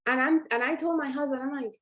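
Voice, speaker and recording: A woman in her forties with a slightly high voice hosts a live online coaching workshop. She talks in a chatty, encouraging way, turning again and again to her viewers as "you guys.". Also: quick pace, fairly bright tone, dull audio. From Colombia. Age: 40s. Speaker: workshop host.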